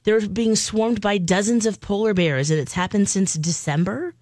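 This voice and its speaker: Woman, radio co-host, conversational news telling, mid pitch, dry close mic. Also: normal speed, a little mellow, no echo. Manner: conversational, chatty storytelling. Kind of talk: casual news chat.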